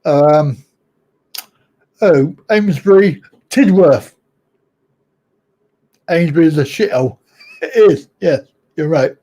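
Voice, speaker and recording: A man hosts a casual live-stream chat in an unhurried drawl. His voice sits fairly high yet sounds soft and mellow, and he rambles, second-guesses himself and ribs his viewers with a chuckle. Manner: rambling, chuckling, self-correcting, teasing viewers. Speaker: host of a live chat show.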